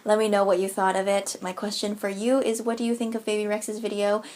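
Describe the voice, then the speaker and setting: A young woman in her twenties from the United States talks straight to camera in an opinionated commentary vlog. Her voice sits at a middling pitch. She is blunt and sarcastic, swears freely, and laughs now and then. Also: flat delivery, brisk, darkish tone, slight background noise. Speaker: YouTuber.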